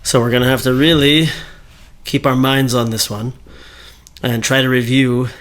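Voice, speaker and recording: A man's voice: medium pitch, steady tone, normal speed, a bit bright. A man giving a casual Torah class, talking things through with fillers and self-corrections. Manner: conversational, thinking aloud with fillers and self-corrections. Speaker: Torah teacher.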